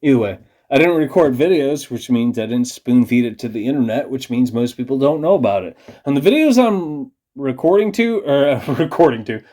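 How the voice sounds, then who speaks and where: A man's voice: medium pitch, expressive, moderate pace, mellow. A man ranting in a rambling, profane, conspiratorial monologue to camera, a little tipsy from beer. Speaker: vlogger.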